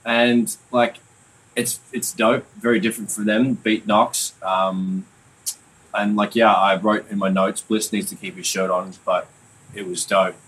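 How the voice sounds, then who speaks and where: A man, talking through new tracks in a relaxed podcast chat. He swears freely, trails off into fillers and keeps it loose and unscripted. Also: lowish voice, unhurried, slight background noise, rough recording. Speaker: podcast host and mixing engineer. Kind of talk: casual music review chat.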